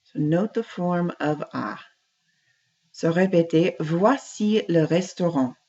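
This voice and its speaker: A woman teaches a French class at an unhurried pace. Her voice sits low and she walks students through each phrase with patience. The recording sounds dull and lo-fi. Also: dark tone. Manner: slow, patient, repeats French phrases and translates them. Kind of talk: classroom language lesson.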